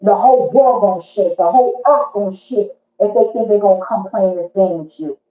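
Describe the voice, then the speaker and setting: A woman's voice: mid-range voice, fairly quick, reverberant, narrow, tinny audio. A woman giving a casual tarot reading to viewers, blunt, profane and preachy in an emphatic way. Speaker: tarot reader.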